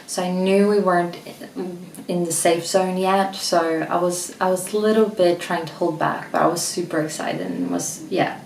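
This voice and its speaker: A young Swedish woman speaking English with her Swedish accent, chatting in a casual home vlog. Her voice is low and gravelly, and she sounds slightly out of breath as she rambles and restarts. She is recorded from a little way off in an echoey room. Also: fairly even intonation, moderate pace, a little mellow, recorded from a distance, a little hiss or hum. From Sweden. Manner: rambling, frequent restarts and fillers. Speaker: vlogger. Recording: echoey room, mic set back.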